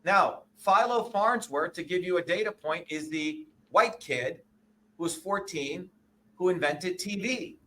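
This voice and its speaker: A man in his sixties, a guest in an interview, talking in a combative, profane and emphatic way, often pausing to ask "okay?" or "you see?". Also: sits high, animated, pushed and bright, slight background noise. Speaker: interview guest, presidential candidate.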